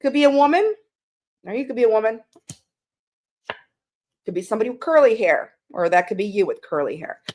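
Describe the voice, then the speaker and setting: A woman's voice: on the high side, very animated, fairly quick, pauses often, a little mellow. A woman hosting a casual live-stream tarot reading, chatting and greeting viewers with pet names. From Canada.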